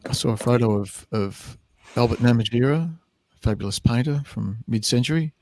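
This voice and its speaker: An Australian man, a band musician, talking in a relaxed, wry way over a video call. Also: medium pitch, moderate pace, a little hiss or hum. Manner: relaxed, wry, laughing storyteller. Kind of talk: casual interview chat.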